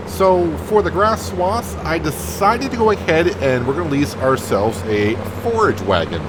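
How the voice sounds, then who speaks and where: A man giving relaxed let's-play commentary on a farming game, chatty and thinking aloud as he plays. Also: on the high side. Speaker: gameplay commentator. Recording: noticeable background noise.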